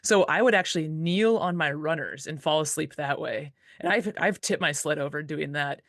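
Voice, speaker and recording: A relaxed woman talking about mushing in a chatty, easygoing way, peppering her sentences with fillers and quick laughs. The sound is dry and close, with almost no room around her voice. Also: low voice, no echo. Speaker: dog musher, interview guest. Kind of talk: casual storytelling interview.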